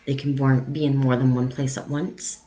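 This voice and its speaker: A woman psychic medium giving a live-streamed reading in a soft, halting delivery with frequent pauses and ums. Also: rumbling low, flat delivery, poor audio.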